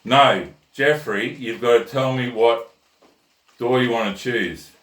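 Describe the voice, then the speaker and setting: A man's voice: medium pitch, takes it slowly, fairly bright tone. A man voicing Satan as a stern, impatient male devil with a curt, exasperated manner. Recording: roomy echo, mic at a distance.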